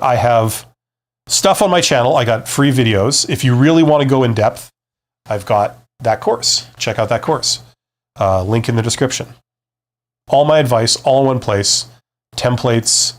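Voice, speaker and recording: A man's voice: mid-range voice, expressive, moderate pace. A man hosting a live-stream Q&A, giving career advice in a conversational, emphatic way and answering viewer comments. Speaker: career advice host, former CEO.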